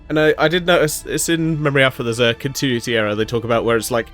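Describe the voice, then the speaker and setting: A man's voice: medium pitch, quick pace, few pauses, fairly bright tone, soft background music. A man giving a casual, rambling solo recap of a TV episode, full of fillers, restarts and swearing. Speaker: episode reviewer.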